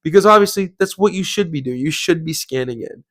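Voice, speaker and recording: A man's voice: fairly high pitch, animated, brisk, a bit bright, dry recording. A young man hosting a podcast, telling a story casually and rambling, with lots of "like" and "bro". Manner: rambling, heavy use of "like" and "bro". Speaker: podcast host.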